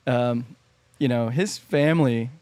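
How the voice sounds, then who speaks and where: A man's voice: medium pitch, a little slow, a little mellow, no echo. Chatty man telling a travel story. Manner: storytelling, filler-heavy, laughs often. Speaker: podcast co-host. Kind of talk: casual chat.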